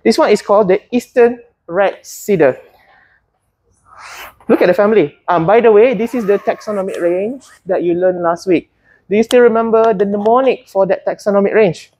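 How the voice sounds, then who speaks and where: A woman's voice: mid-range voice, moderate pace, warm tone, slightly rough. A woman teaching a botany class, often hesitating and putting questions to her students. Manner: hesitant, many fillers and restarts, asks students questions.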